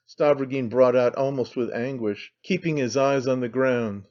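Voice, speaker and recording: Guy reading an audiobook, mid pitch, steady, kinda lo-fi. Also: moderate pace, hardly any pauses. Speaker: audiobook narrator. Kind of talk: audiobook narration of a classic novel. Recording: slightly dull lo-fi sound.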